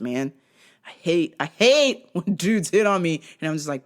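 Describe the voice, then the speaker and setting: A woman's voice: on the low side, sing-song, a little slow. A woman telling a comic story in a profane, sarcastic way. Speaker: host. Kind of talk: comedic storytelling.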